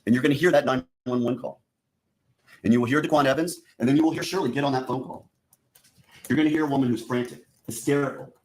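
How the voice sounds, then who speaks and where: A man's voice: mid-range voice, fairly even intonation, fast. A man, a prosecutor, giving an opening statement in a courtroom, speaking straight to the jury and walking them step by step through what they will see and hear. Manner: addresses the jury directly, repeating "you're gonna".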